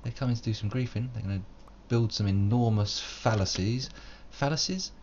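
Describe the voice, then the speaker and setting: A man with a very low, slightly mellow voice rambles through live gameplay commentary, self-deprecating and fond of wordy, old-fashioned phrasing. His tone is steady and his pace brisk. The home recording sounds slightly muffled over faint noise.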